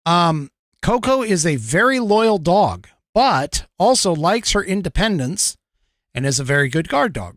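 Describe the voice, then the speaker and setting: A man's voice: high voice, big pitch swings, measured pace, fairly bright tone, dry recording, clean studio sound. A man hosting a podcast, talking in a casual, rambling way with lots of fillers, restarts and frequent chuckles. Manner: chuckles often. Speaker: podcast host.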